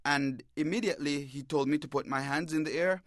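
Halting man recounting an ordeal. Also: fairly high pitch, no room sound, studio quality. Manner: halting, repeats words, stammers. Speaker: newspaper reporter, interview guest. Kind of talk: emotional first-person account. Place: radio bureau studio.

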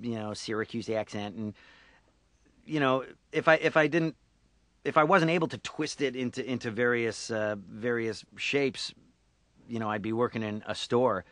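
A man's voice: medium pitch, moderate pace, fairly bright tone, no echo. A man in his forties, a voice actor, chatting playfully and laughing often in a radio interview. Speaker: voice actor guest. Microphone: studio microphone.

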